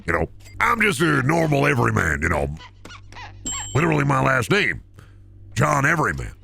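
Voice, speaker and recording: A swaggering everyman contractor, put on by a man, who rambles and boasts about his craft like a pitchman. The tone is gravelly and bright, with lively swoops in pitch. Faint music plays underneath. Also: normal speed, heavily acted. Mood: boastful. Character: boastful everyman male deck-building contractor. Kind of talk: comedic improvised character bit.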